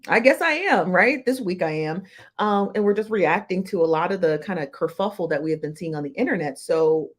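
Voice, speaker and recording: A woman's voice: fairly low pitch, expressive, fairly quick. A woman hosting a casual live-stream reaction show, chatty and slangy, greeting viewers by name one after another. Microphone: desk mic, close.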